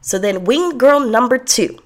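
A woman's voice: fairly high pitch, animated, measured pace. A young woman from Los Angeles telling a candid personal story in a blunt, chatty, profane way.

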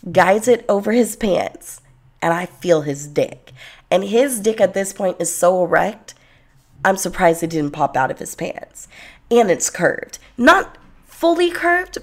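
A woman's voice: lowish voice, slow pace. A young woman from Los Angeles telling a candid personal story in a blunt, chatty, profane way.

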